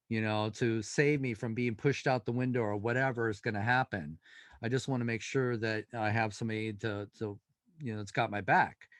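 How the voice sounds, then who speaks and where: Man telling a lively story. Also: medium pitch, dry recording, clean studio sound. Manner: animated storyteller, acts out dialogue. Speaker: paranormal investigator, guest. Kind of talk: storytelling in an interview.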